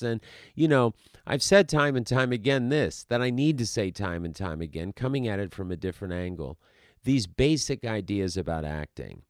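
A man's voice: on the low side, a little mellow, dry recording, studio quality. A man, an acting teacher, talking through a podcast monologue in an emphatic way, asking rhetorical questions and repeating words as he makes his points.

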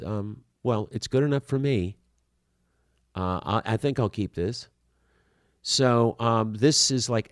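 A man's voice: lowish voice, a little mellow, dry recording, studio quality. A man talking through acting technique in an earnest, rambling way, full of fillers and restarts. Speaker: acting coach. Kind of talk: conversational teaching talk.

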